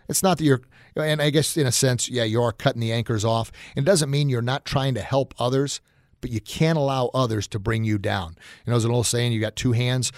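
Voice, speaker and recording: A man's voice: medium pitch, a little mellow, no echo, studio quality. A man hosting a motivational podcast, talking in a folksy, encouraging way with frequent filler words. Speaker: podcast host. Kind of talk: motivational talk.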